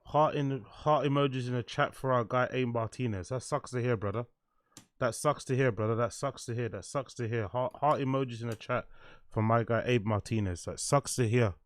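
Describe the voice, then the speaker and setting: A man's voice: medium pitch, moderate pace, dry recording. Laid-back young man chatting. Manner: laid-back, swearing, laughs often, reads chat aloud. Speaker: livestream host. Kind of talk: casual livestream chat.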